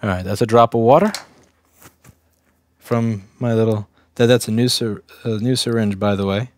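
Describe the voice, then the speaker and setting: This young man's voice is lowish and a little mellow, moving at a moderate pace. A repair technician from Staten Island, New York, he talks casually through a bench test on a livestream, blunt and thinking out loud as he restarts his sentences.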